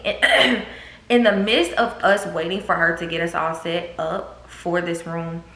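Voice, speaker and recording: A woman, telling a storytime vlog with swearing and acted-out quotes. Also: lowish voice. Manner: animated, swearing, acts out quotes. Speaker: vlogger. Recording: echoey room.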